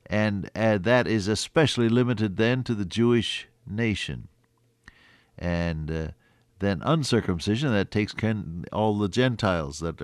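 An older man preaching a sermon, with halting restarts and fillers, swelling to emphatic peaks and then falling soft and low. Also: no echo, clean studio sound.

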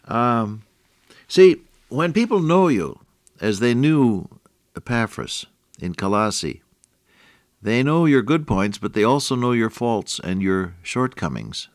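A man's voice: mid-range voice, very animated, slow, no echo, studio quality. An older man teaching the Bible on the radio in a folksy, affectionate way that often breaks into a chuckle.

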